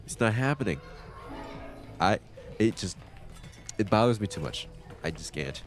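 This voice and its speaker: A male streamer giving chatty, animated commentary while playing a game, breaking into laughing rants. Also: fairly low pitch, unhurried, faint music behind. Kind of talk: let's-play commentary.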